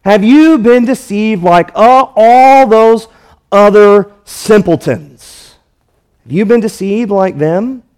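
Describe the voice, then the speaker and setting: A man's voice: high-pitched, expressive, takes it slowly, a little mellow, clear, resonant tone. A man voicing scornful temple leaders, mocking and contemptuous as he quotes them in a sermon.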